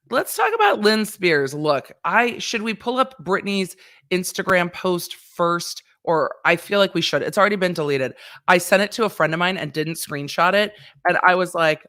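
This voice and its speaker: A woman's voice: fairly low pitch, expressive, fairly quick, fairly bright tone. A woman lawyer hosting a casual livestream, chatty and rambling, swearing and laughing as she talks.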